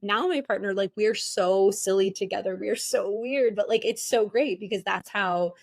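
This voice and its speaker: A woman's voice: medium pitch, normal speed, creaky, no room sound. A woman guest who runs play sessions, talking in an earnest, reflective way with many casual fillers. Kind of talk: casual conversation.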